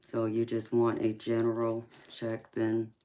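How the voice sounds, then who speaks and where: A woman hosting a tarot livestream, chatting softly with viewers and calling them sweetheart and honey. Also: extremely low pitch, monotone, measured pace. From mixed Japanese, Polynesian, English, Irish and Scandinavian heritage. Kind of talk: casual livestream chat reading out viewer comments.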